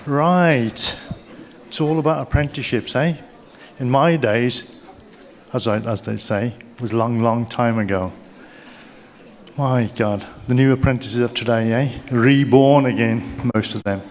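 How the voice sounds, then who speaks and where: An older Brummie keynote speaker shares chatty anecdotes and jokes with the crowd at a large awards event. His mid-range voice moves a little slowly, and the hall's long reverb colors the sound.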